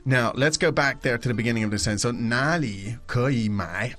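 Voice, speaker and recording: A man's voice: medium pitch, brisk, a bit bright. Man hosting a podcast lesson. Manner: explanatory, hesitant with fillers and restarts. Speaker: language lesson host.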